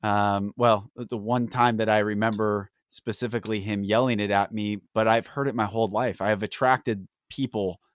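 A man's voice: lowish voice, steady tone, moderate pace, hardly any pauses. A man hosting a podcast, talking in an earnest, encouraging way and repeating affirmations. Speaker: podcast host. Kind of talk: heartfelt motivational conversation.

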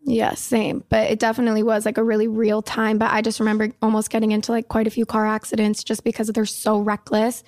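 A woman's voice: on the high side, completely flat delivery, fast, hardly any pauses, a little mellow, no echo, clean studio sound. A woman in her twenties telling a story in casual chat, laughing easily and full of "like". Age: 20s. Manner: chatty, lots of likes, laughs easily.

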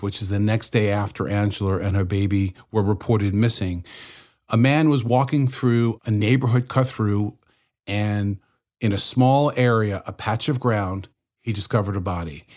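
A man's voice: lowish voice, a little mellow. A man co-hosting a true crime podcast who explains investigations in a matter-of-fact way.

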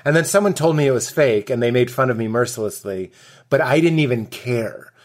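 A comedian guest on a podcast, this man speaks at a medium pitch and a little fast. He chats casually, spinning animated stories packed with acted-out quotes and lots of laughter.

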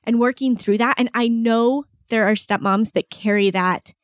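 A woman's voice: fairly high pitch, moderate pace, dry recording, studio quality. A woman chatting casually on a podcast, talkative, laughing easily and filling her sentences with "like". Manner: chatty, laughs often, uses "like" a lot. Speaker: podcast co-host. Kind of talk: casual chat.

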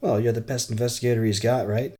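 A man voicing a young woman intern who is eager and quick-tempered, talking in a raised, pushy voice. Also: medium pitch, fairly even intonation, mellow, lightly acted.

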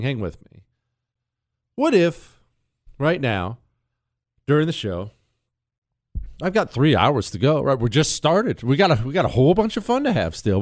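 A man's voice: a little high, dry recording, clean studio sound. A man hosting a political talk radio show, telling stories with rhetorical questions and mock quotes. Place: radio studio. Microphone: studio microphone.

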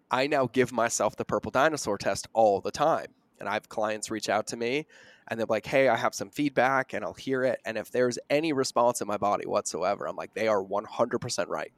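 A middle-aged man hosting an interview podcast, talking earnestly and slowing down to stress his points. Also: mid-range voice, no echo. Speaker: podcast host. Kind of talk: conversational interview.

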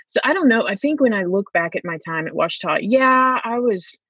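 A woman, a former student, talking in a casual interview, reflective and quick to laugh as she tells stories. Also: medium pitch, animated, a bit bright, breathy edge, no echo. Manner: reflective, laughs often while telling stories. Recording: dull lo-fi sound.

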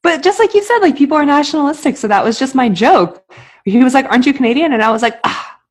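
A woman's voice: high-pitched, fast talker, breathy edge. A woman chatting as a podcast guest, speaking casually and saying "like" a lot. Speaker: podcast guest, interviewer of athletes.

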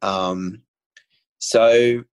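A man's voice: fairly low pitch, steady tone, extremely slow, clean tone, poor audio. Earnest man telling his story. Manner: earnest, candid, with frequent ums and restarts. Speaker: guest sharing his story. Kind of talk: casual storytelling in a conversation.

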